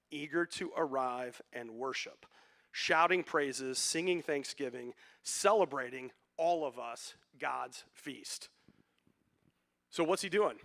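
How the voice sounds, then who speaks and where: Bright-voiced joking male preacher. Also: a little high. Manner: joking, conversational, with quick asides. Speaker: pastor. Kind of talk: sermon.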